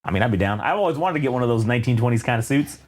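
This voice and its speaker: A man's voice: medium pitch, expressive, rapid-fire. A man co-hosting a podcast in casual chat, profane and sarcastic, ranting in a garage. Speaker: podcast co-host.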